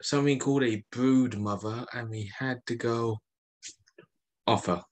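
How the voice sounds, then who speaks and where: A man's voice: medium pitch, steady tone, unhurried. A man playing a tabletop game, hesitant and thinking aloud as he speaks. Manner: hesitant, full of ums. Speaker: player. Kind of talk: casual chat at a tabletop game.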